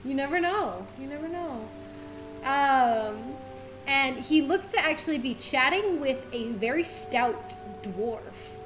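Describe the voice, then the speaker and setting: A woman's voice: high-pitched, lively intonation, takes it slowly, fairly bright tone, soft background music, low-quality recording. A woman narrating a tabletop game as game master, chatty and full of fillers.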